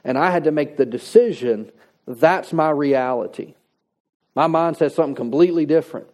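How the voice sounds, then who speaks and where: A man's voice: fairly high pitch, normal speed, a little mellow. A man preaching a sermon in a conversational, folksy way, reading scripture and adding plain-spoken asides. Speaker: pastor.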